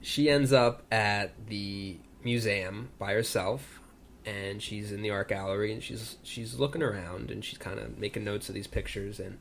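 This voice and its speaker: A man's voice: on the low side, moderate pace, vocal fry, fairly bright tone, a little hiss or hum. A man co-hosting a casual comedy movie podcast, rambling and joking, with bad celebrity impressions. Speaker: podcast co-host.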